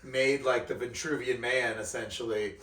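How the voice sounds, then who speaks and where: A young man tells stories with animated energy as a podcast guest. His voice is bright and pushy. He sits a little off the mic in a room with a lot of echo. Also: medium pitch, normal speed, recorded from a distance. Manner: animated, laughing storyteller. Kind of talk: casual storytelling chat. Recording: roomy, off-mic sound.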